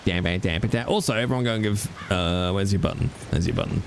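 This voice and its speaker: Gravelly, joking male streamer. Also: low voice, fast, slight background noise. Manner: joking, swearing, teasing banter. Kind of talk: casual live-stream chat.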